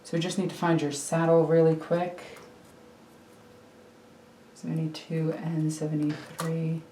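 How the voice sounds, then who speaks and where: Chatty woman building models at home, kinda low voice, faint hum behind. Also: completely flat delivery, a little slow, dark tone, roomy sound. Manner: chatty, rambling, self-mocking. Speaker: miniature hobby streamer. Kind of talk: casual build commentary. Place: home hobby room. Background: faint computer hum.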